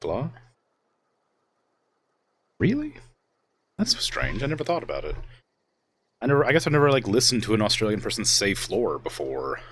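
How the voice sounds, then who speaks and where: Deep-voiced male game streamer. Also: huge pitch swings, a little fast, fairly bright tone, slight background noise. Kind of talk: casual live-stream commentary.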